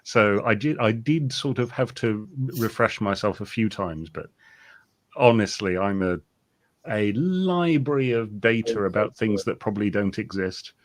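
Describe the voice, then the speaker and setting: A man's voice: lowish voice, lively intonation, measured pace. Man from the West Country, dry and digressive. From West Country of England. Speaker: comic writer guest. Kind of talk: casual interview chat.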